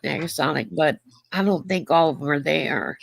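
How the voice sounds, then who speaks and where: Congested, gravelly-voiced woman chatting. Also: low voice, lively intonation, normal speed, no echo. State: stuffed up, congested. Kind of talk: casual livestream chat.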